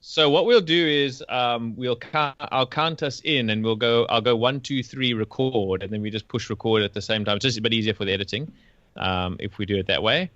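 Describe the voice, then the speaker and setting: A man hosting a podcast interview, talking in a friendly, halting way with many fillers. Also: medium pitch, fairly bright tone, no room sound, muffled recording. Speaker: podcast host. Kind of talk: casual interview. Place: Gold Coast, Australia.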